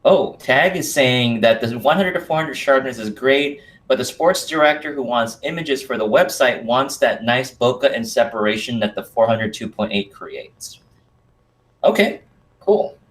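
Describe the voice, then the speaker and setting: A man's voice: medium pitch, normal speed, a bit bright. A man hosting a live stream who reads out viewer questions and answers them in an easygoing way, laughing often. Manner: easygoing, laughs often, stumbles over names. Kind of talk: casual live-stream chat, reading viewer comments.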